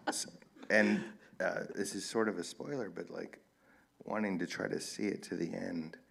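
A man, an author, who reads from his own novel and then chats in a soft-spoken, thoughtful way. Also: low-pitched, fairly even intonation, moderate pace, creaky.

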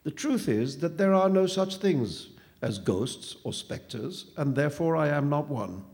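A man's voice: fairly high pitch, lively intonation, unhurried, gravelly, a little mellow, pitched above the performer's own voice. A man putting on a smug, wordy phantom. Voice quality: precise, wordy, falsely kindly. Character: suave, dryly pompous male phantom.

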